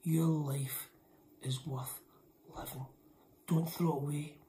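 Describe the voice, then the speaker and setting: A woman preaching in a low, mellow voice. She delivers an emphatic sermon, repeating lines for weight and sinking to hushed whispers between firmer passages. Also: fairly even intonation, takes it slowly, slight background noise.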